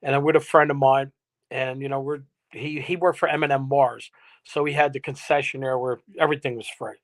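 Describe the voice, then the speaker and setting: A man's voice: medium pitch, steady tone, a little fast. A man, a musician guest telling a rambling, laughing anecdote with some salty language. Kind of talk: casual interview storytelling. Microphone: remote live-stream guest.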